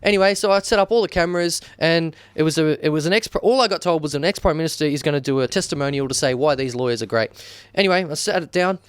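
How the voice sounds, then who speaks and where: Australian man, thirties, lively storyteller, slightly high voice, smooth and clear, dry close sound. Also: fast, no room sound. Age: 30s. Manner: animated storyteller, lots of restarts. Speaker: guest, wedding videographer. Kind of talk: casual chat.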